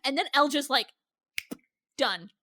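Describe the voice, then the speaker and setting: A woman's voice: high-pitched, expressive, normal speed, pushed and bright. A woman co-hosting a podcast, talking bluntly and swearing freely as she recaps a TV episode. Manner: blunt, profane, emphatic. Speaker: podcast co-host. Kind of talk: casual chat recapping a TV show.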